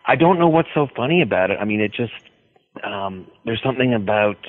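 Low-voiced man on a tinny phone line. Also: expressive. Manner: rambling, hesitant, with many pauses. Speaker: author guest. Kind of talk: radio interview by phone.

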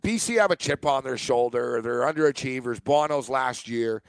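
A man's voice: mid-range voice, normal speed, clean tone, dry recording. A man co-hosting a sports betting radio show, brash and opinionated in casual chat. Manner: brash, opinionated, talks over his co-host.

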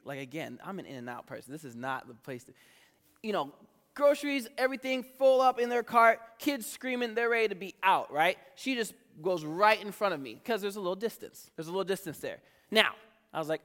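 A man in his thirties giving a casual, joking sermon as pastor, animated and conversational. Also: high voice, a little fast. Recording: reverberant hall.

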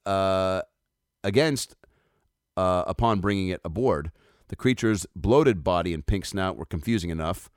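Male comic podcast host, low voice, very animated delivery, riffing casually over articles. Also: measured pace, clean tone, dry recording, studio quality. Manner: joking, loose, swearing, lots of fillers and asides.

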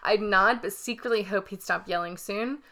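A woman's voice: medium pitch, moderate pace, bright, forceful tone. A woman co-hosting a podcast, chatting casually and reading quiz options aloud with playful emphasis and frequent laughter. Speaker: podcast co-host.

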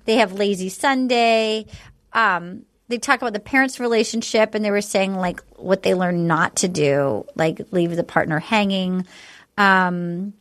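A woman's voice: medium pitch, a little slow, a bit bright, no echo. A woman co-hosting a podcast, chatting in a gushing way and recapping a dating show with lots of "like"s. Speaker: podcast co-host.

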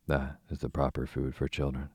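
A man voicing a little girl who plays a prim, strict mother, scolding gravely in a husky reading voice. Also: a bass voice, completely flat delivery, moderate pace, dark tone, no room sound.

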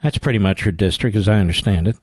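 A man's voice: lowish voice, fast talker, darkish tone, no room sound. A man hosting a political talk radio show, delivering sarcastic, combative commentary.

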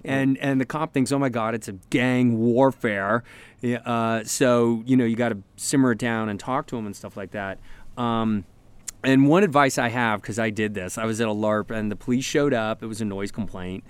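A man from the United States talks in a loose, rambling podcast chat and keeps restarting his sentences. His voice is smooth and clear at a middle pitch. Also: steady tone, moderate pace, dry recording. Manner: rambling, many restarts and fillers. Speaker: podcast guest, larper.

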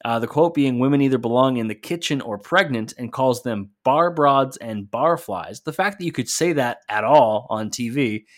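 A man's voice: mid-range voice, normal speed, hardly any pauses. A man co-hosting a podcast, recapping an old clip in casual chat and swearing now and then. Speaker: podcast co-host.

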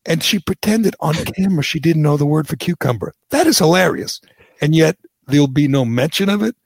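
A man's voice: on the high side, expressive, brisk, vocal fry, no echo. A middle-aged man, hosting political talk radio with sarcastic, indignant ranting. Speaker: talk show host.

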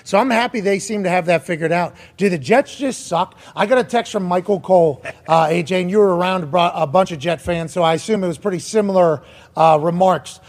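A man hosting a sports talk show, loud, profane and excitable in casual banter. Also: high-pitched, brisk. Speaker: show host.

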